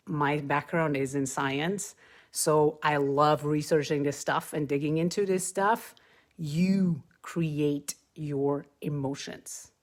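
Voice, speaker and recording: Woman, middle-aged, low voice, casual live-stream coaching, chatty, emphatic, repeats herself. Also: a little mellow. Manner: chatty, emphatic, repeats key points, mimics parents in quoted asides. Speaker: host.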